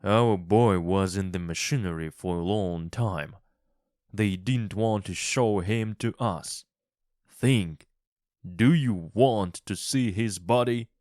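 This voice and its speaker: A man's voice: on the low side, slow, darkish tone, no echo, studio quality. A man playing a tired, fearful old man who pleads urgently and firmly. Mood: pleading.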